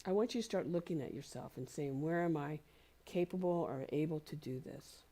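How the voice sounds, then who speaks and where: A woman minister delivering a sermon in a gentle, encouraging way. Her voice sits a little low and sounds warm and mellow. She repeats phrases slowly for emphasis. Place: spiritual community center.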